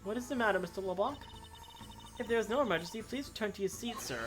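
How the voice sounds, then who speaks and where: A woman's voice: medium pitch, fast, faint music behind, voice pushed up, natural voice. A woman voicing a courteous young flight attendant, reading game dialogue aloud. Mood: polite.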